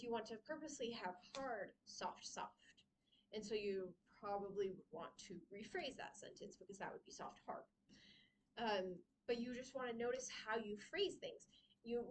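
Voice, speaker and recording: A woman's voice: a little high, fairly bright tone. A woman presenting a library writing workshop in a casual teaching style, chatty with frequent "um"s and laughter between points.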